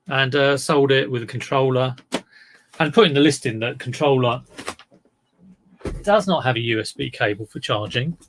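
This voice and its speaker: A chatty man runs a casual selling vlog, drifting from one topic to the next and poking fun at himself. His voice sits at an ordinary pitch with a gravelly, creaky edge. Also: fairly bright tone. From England. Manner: rambling, self-deprecating, wanders off topic. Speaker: online reseller.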